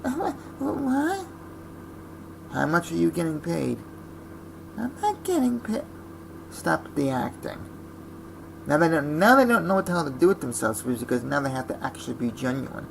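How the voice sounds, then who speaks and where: A man's voice: a little high, expressive, fairly quick, creaky, a bit bright, a little hiss or hum, rough recording. A man ranting in a blunt, scornful vlog monologue. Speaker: vlogger.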